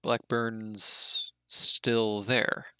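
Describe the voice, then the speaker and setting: A stern dwarf woman on watch asks short, clipped questions, voiced by a man. She speaks quietly and keeps it businesslike. The sound is close and dry. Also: fairly low pitch, flat delivery, drawn-out words, clean tone, no room sound, exaggerated voice. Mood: brusque. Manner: curt, businesslike.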